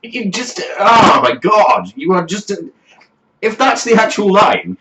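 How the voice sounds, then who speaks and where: A man's voice: high voice, very animated, measured pace, noisy background. A man delivering a profane comedic rant as a music review host, swearing constantly in a mocking, exasperated way.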